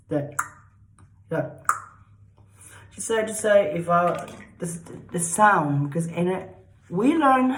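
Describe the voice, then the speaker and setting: A woman's voice: low-pitched, a little hiss or hum. Blunt woman lecturing in an echoey room. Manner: repetitive, blunt, swears freely, keeps asking "okay?". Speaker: dog trainer vlogger. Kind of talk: lecture-style casual talk to camera.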